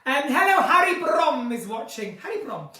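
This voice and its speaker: Chatty female live-stream host, higher voice, giggles a lot, echoey room and some distance from the mic. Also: very animated, moderate pace, sharp tone. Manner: giggly, chatty, drifts between topics.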